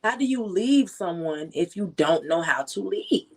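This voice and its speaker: A woman guest in a casual talk show chat, telling stories in an animated, slangy way. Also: lowish voice, moderate pace. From Chicago area. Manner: chatty, animated storytelling with slang.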